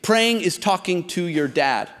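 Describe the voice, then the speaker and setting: A man in his thirties, a pastor, preaches in a church hall, his voice sitting high with a fairly bright tone, animated yet measured in pace. He starts out conversational, then presses his point with emphasis, rising to exhortation. The large hall gives the recording a long reverb.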